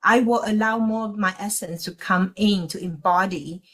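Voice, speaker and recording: Woman channeling spirit messages, slow and halting, talks as "we", average pitch. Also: a bit bright, low-quality recording. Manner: slow, halting, speaks as a collective "we". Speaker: guest channeler.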